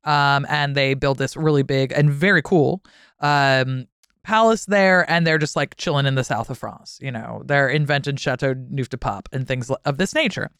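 A woman historian talking as a podcast guest in a casual, chatty way, swearing freely and acting out historical figures in quick asides. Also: rumbling low, fairly bright tone, clear, resonant tone, no room sound, studio quality.

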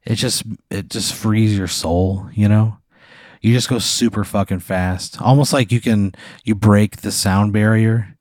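In clean, echo-free studio audio, this podcast host spins a long, wandering hypothetical full of "like" and offhand cursing as casual storytelling. His voice is on the low side, steady, unhurried, and a little mellow.

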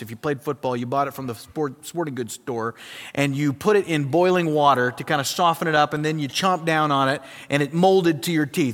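A man preaching a sermon, telling a personal story in a lively, animated way before moving into teaching. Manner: animated storyteller, voice climbs high when acting out his younger self. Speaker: pastor. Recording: long hall reverb.

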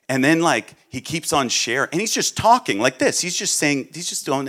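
A middle-aged man from Massachusetts, a guest preacher telling stories in a sermon, swinging between loud outbursts and quiet asides. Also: a little high, big pitch swings, a little fast, hardly any pauses. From Massachusetts, USA. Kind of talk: sermon with storytelling.

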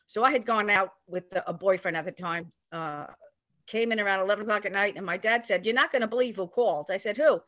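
Older woman telling a lively anecdote. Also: medium pitch, brisk, dry recording. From New York area. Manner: animated, acts out quoted voices. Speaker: storyteller recounting a personal memory. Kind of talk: casual anecdote.

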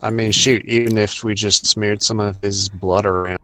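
A man's voice: fairly low pitch, steady tone, normal speed, pushed and bright. A man playing a tabletop game, thinking aloud and trailing off mid-sentence. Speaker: player. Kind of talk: casual tabletop play.

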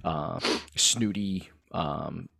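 A man's voice: deep voice, extremely slow, gravelly, sharp tone, slightly rough, no echo, clean studio sound. A man co-hosting a podcast, chatting with hesitations and the odd jokey mock announcement. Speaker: podcast co-host. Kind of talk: casual chat.

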